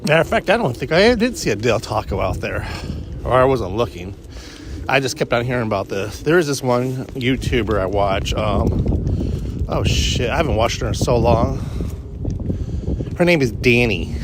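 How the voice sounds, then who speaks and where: A man's voice: mid-range voice, animated, normal speed, background noise. A man talking casually while out on a morning walk, meandering from thought to thought and restarting sentences often. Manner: meandering, self-interrupting, frequent restarts. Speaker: vlogger. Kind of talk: rambling walk-and-talk vlog.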